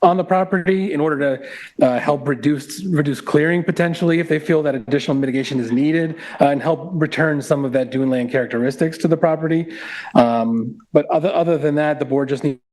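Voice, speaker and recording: A man from the planning department giving formal comments at a public meeting, measured and full of "um" and "uh". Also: on the high side, a little mellow. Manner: measured, with many fillers like um and uh.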